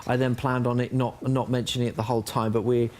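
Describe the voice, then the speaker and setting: A man's voice: mid-range voice, flat delivery, fast talker, darkish tone. A man in a casual heart-to-heart chat, earnest and a bit hesitant as he opens up. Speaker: housemate.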